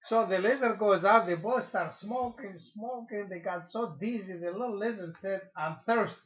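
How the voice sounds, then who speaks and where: Bright, high-voiced man telling rambling jokes. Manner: rambling, halting joke-teller. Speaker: co-host. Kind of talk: casual radio chat, telling jokes. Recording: dull lo-fi recording.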